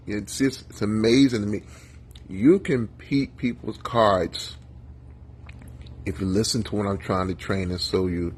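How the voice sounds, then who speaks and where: A man's voice: lowish voice, normal speed, husky. A male pastor giving a conversational sermon in a folksy, chatty manner, talking to his listeners by name.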